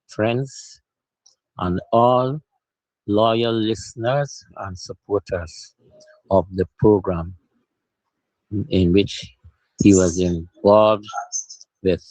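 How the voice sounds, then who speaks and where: A man leaving a formal phone voice note of condolence, solemn and ceremonious, in short measured phrases. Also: fairly low pitch, a little mellow, dry recording, rough recording.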